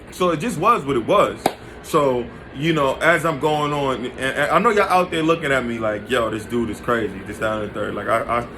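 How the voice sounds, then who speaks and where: A man's voice: mid-range voice, background noise. A man telling a confessional personal story to his listeners, in casual, slang-heavy talk full of restarts and direct asides. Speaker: podcast storyteller.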